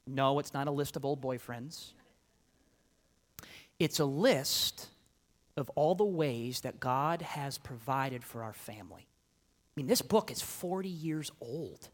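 Middle-aged pastor guy preaching, kinda high voice, goes loud then drops quiet telling his story. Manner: animated storytelling, shifting from loud emphasis to quiet asides. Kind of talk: sermon with personal story.

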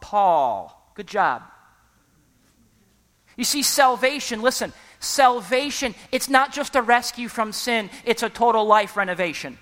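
A preacher giving an emphatic sermon who often pauses for the congregation to fill in a word and keeps urging people to listen. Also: mid-range voice, bright, forceful tone, long reverb tail. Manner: repeatedly urges listeners to listen.

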